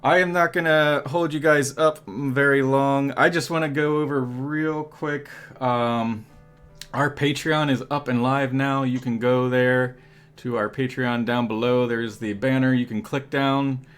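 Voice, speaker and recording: A man's voice: mid-range voice, steady tone, a little slow, fairly bright tone, smooth, faint music behind. A man hosting a live tabletop game stream, upbeat and rambling with fillers. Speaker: host and player. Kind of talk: casual live-stream chat.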